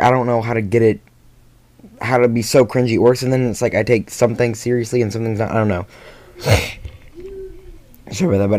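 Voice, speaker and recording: A man chats casually about his own video in a slightly low voice. He rambles, circles back and stumbles through fillers, sounding critical of his own work. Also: a little mellow, dry recording. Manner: rambling, self-critical, many fillers and restarts. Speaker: video creator. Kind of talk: casual behind-the-scenes vlog talk.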